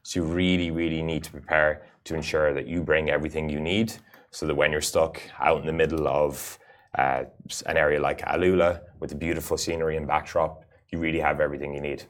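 A man with an extremely deep, low voice answers interview questions. He talks in an earnest, explanatory way and leans on "uh" fillers as he builds his points. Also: little pitch movement, brisk. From Ireland. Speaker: rally racer guest.

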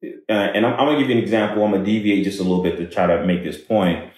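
A man telling a personal story in conversation, halting and repeating words as he goes. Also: lowish voice, darkish tone. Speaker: guest speaker on workplace diversity. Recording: very echoey room.

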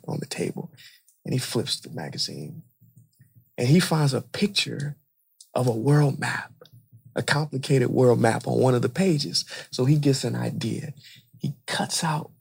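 A man who is an inspirational speaker, a guest on a podcast, telling a story in animated conversation and repeating phrases for emphasis. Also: mid-range voice, vocal fry, breathy edge.

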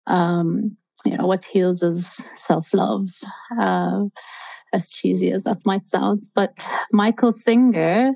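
A woman's voice: mid-range voice, steady tone, slow pace, gravelly, dark tone. A woman in her thirties, an interview guest, telling a personal story in an earnest, open and reflective way.

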